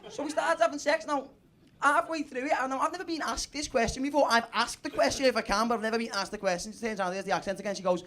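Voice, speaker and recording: A man's voice: very high-pitched, fast talker, sharp tone, a little hiss or hum. A young man with a Liverpool accent doing stand-up, telling a crude, self-mocking story and laughing through his lines. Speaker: stand-up comedian. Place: comedy club stage. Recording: live club with crowd.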